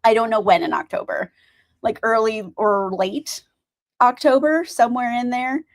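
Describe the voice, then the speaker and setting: A woman's voice: a little high, normal speed. A young woman streamer chatting casually about books, rambling, laughing often and filling her talk with "like," a bit tired. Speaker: book streamer. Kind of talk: casual livestream chat.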